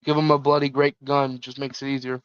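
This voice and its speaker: A man's voice: mid-range voice, level tone, brisk, smooth, no echo, dull audio, close to an everyday voice. A man voicing a world-weary occult detective, dry and sardonic.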